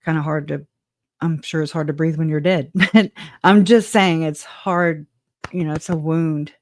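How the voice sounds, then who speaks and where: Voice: medium pitch, steady tone, a little slow, dry recording. A guest telling their side of a personal story in a casual, rambling way, laughing often, trailing off with "anyways" and answering live chat comments.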